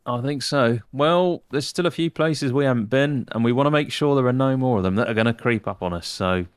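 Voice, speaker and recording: A man playing in a tabletop game, relaxed and speaking in short, easy replies. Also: mid-range voice, fairly quick, smooth, no room sound, clean studio sound. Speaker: player. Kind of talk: casual tabletop play.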